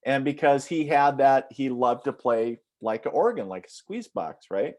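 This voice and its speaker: A psychic medium from northern Minnesota, USA, guests on a casual interview, telling rambling anecdotes packed with fillers. His medium-pitched voice is animated and a little mellow, at a moderate pace.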